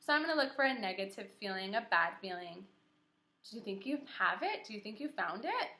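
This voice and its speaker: A young woman teacher reading a story aloud to kindergarteners, animated and encouraging, asking the children questions. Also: mid-range voice, fairly quick. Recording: echoey room.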